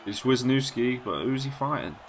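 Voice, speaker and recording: A man giving casual gameplay commentary, cheering and shouting encouragement at the screen as he plays. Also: mid-range voice, expressive, normal speed. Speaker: gaming YouTuber.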